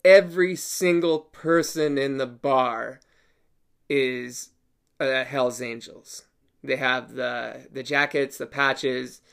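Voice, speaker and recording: A man casually telling a personal story, animated, laughing often and swearing casually. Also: medium pitch, slow pace, gravelly, smooth.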